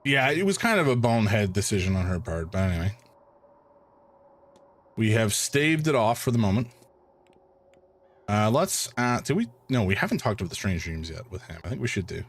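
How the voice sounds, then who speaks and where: A man's voice: on the low side, sing-song, moderate pace, long pauses. A man from Canada commentating a live game playthrough in a rambling, chatty way, laughing often and using many fillers. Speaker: gaming streamer.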